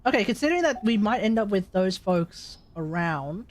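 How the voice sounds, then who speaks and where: A man's voice: high voice, sing-song, moderate pace, dry recording. An Australian man streaming a game, chatting and joking in a casual, rambling way. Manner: chatty, joking, restarts often. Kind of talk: casual gameplay commentary.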